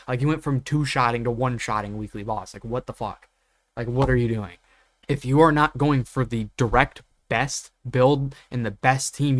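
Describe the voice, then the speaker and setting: A man's voice: mid-range voice, no room sound, clean studio sound. Exasperated young man ranting profanely. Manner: exasperated, profane, many fillers. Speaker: gaming YouTuber. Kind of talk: unscripted rant.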